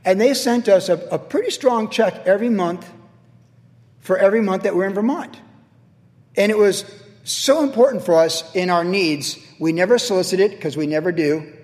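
A high-pitched man preaches from the pulpit, spinning personal stories and leaping up and down in pitch and loudness as he makes his points. His voice rings out with a long reverb, as in a large church sanctuary. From California. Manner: animated storytelling with sudden jumps in pitch and volume. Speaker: pastor. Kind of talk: sermon.

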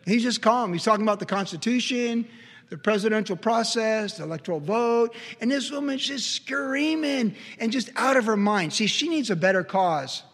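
A man with a notably high voice preaches a sermon, driving his points home and then dropping to a hush. His words ring out with a long reverb, as if he stands in a big hall. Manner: emphatic preaching with sudden swings between loud and soft. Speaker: pastor.

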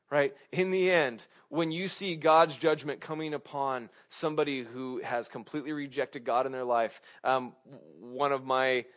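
A man preaching a sermon in a conversational way, often asking "right?" and swinging between loud emphasis and hushed asides. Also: medium pitch, muffled recording. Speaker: pastor.

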